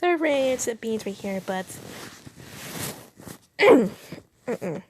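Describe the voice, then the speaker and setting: A woman's voice: on the high side, very animated, slow, a little hiss or hum. Exasperated woman swearing at a fanfic. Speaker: fanfiction reader. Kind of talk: reacting while reading fanfiction aloud.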